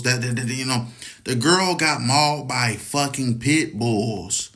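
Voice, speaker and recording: Man of average pitch riffing in a loose, cursing monologue that keeps asking if you get it. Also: a little slow, fairly bright tone. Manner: profane, rambling, keeps asking "you know what I'm saying". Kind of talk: casual opinion monologue.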